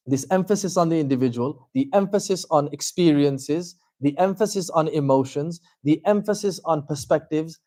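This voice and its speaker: A man giving an informal religious lecture as a teacher, animated and conversational, with frequent fillers and wry asides. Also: a little high, dry recording. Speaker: Islamic teacher giving a talk.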